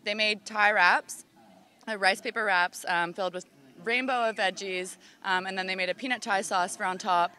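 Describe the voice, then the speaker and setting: A woman's voice: mid-range voice, steady tone, normal speed, pushed and bright. A woman in her thirties, a festival organizer, talking enthusiastically in a casual outdoor interview. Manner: enthusiastic, upbeat.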